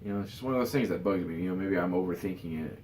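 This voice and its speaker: Talking very fast in a low-pitched, darkish voice, a worn-out vlogger rambles through casual opinions, restarting often and saying "you know" constantly. The audio is reverberant with slight background noise.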